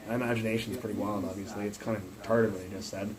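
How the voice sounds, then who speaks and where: A man's voice: on the low side, steady tone, quick pace, a loud crowd, low-quality recording. A man livestreaming from his phone, ranting in a rambling, profane, casual way. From Canada.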